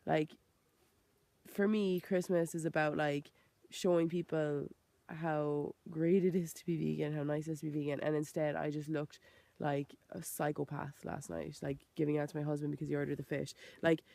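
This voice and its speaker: A woman's voice: sits low, steady tone, normal speed, gravelly, a little mellow, no room sound. A woman with an Irish accent and a chest infection, talking in a rambling, frank vlog monologue full of "like" and self-corrections, swearing freely. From Ireland. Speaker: vegan vlogger.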